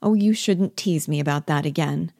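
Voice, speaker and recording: A woman reading the part of a lively, chattering young wife in a play, her lines rising high when excited. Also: normal speed, creaky, no echo, studio quality. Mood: eager.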